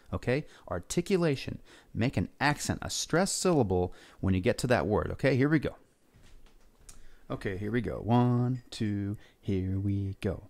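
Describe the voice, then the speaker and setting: A male music teacher with a mid-range, slightly mellow voice leads a lesson for young children, upbeat as he coaxes them to repeat words and sing along. A guitar plays faintly in the background.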